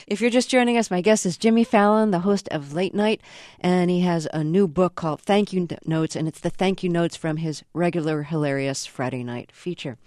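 A woman hosting a radio interview, asking measured, conversational questions. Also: lowish voice, a little mellow, no room sound, studio quality.

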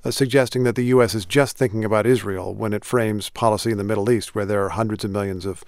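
Low-voiced male news interviewer, direct. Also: steady tone, fast, no echo, studio quality. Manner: direct, probing questions.

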